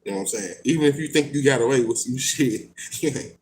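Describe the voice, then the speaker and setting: A man's voice: medium pitch, quick pace, a little mellow, a little hiss or hum. A man reading passages from a book aloud and then riffing on them in blunt, slangy, profane casual talk. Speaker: host reading and commenting on an occult book.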